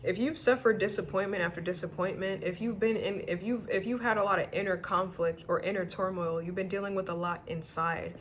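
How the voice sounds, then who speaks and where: A woman's voice: mid-range voice, fairly even intonation, fairly quick, hardly any pauses, slight background noise. Emotional woman tarot reader. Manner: emotional, tearful, swears freely; rambling with many restarts. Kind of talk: casual tarot reading to camera.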